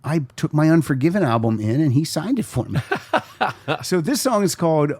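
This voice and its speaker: A man's voice: a little high, moderate pace, husky, no room sound. A man hosting a podcast, telling anecdotes in a casual chat and acting out the voices of the people in them. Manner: animated storyteller acting out the voices in his anecdotes. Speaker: podcast host.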